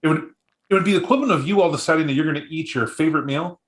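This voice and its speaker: A man's voice: fairly high pitch, rapid-fire. A man serving as game master, narrating a tabletop role-play in a casual, rambling way full of fillers. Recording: echoey room.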